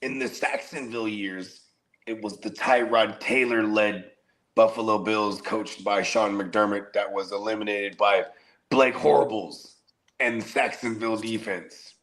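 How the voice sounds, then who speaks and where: A man co-hosting a fantasy football podcast in casual chat, slangy and animated, laughing through his own stories. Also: fairly low pitch, measured pace. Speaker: podcast co-host.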